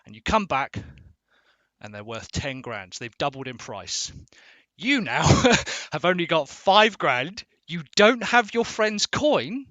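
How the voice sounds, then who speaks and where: A man explains a topic off the cuff, informal and a little sweary, checking in with his listeners as he goes. His voice is bright and forward, recorded close and dry with no room sound. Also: fairly high pitch, big pitch swings, slow, no room sound. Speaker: explainer video host. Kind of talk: casual explainer.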